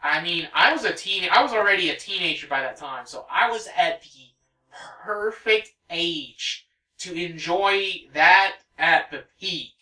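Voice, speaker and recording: Rambling gameplay commentator in their thirties, crisp, bright tone, heard from a little way off the mic. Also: medium pitch, lively intonation, measured pace, reverberant, distant mic, low-quality recording. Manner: chatty, rambling, wanders off on tangents. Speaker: let's play host.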